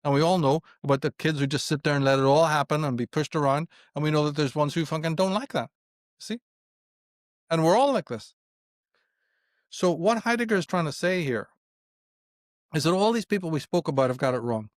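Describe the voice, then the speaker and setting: Emphatic man, higher voice. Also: fairly quick, pauses often, no echo, studio quality. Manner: emphatic, profane, rhetorical questions. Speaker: interviewee. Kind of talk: philosophical conversation.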